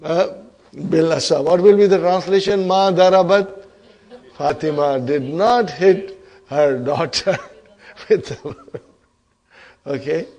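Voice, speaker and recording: A man's voice: a little high, slow pace, long pauses, darkish tone. A man teaching an Arabic grammar class, quizzing students and checking in with "huh?" and "okay?" as he goes. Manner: addresses class as brothers and sisters.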